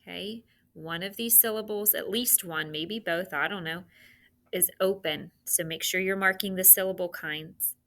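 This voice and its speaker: A woman teacher dictating spelling sounds and words to students, with slow, clearly enunciated delivery. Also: lowish voice, steady tone, bright, forceful tone.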